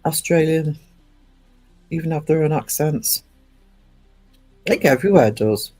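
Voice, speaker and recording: A man's voice: a little high, expressive, a little slow, dark tone, faint music behind. A man streaming live, chatting casually in a rambling way full of ums and restarts.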